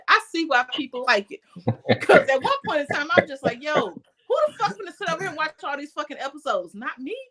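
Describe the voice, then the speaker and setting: A woman co-hosting a podcast, telling stories in casual chat with heavy swearing and loud outbursts. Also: sits high. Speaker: podcast co-host.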